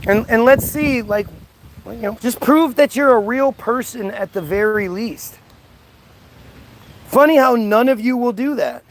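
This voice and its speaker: Fast, combative high-pitched man ranting. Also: expressive, slight background noise. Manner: combative and mocking. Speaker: live streamer. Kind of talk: livestream rant, reading out and answering chat.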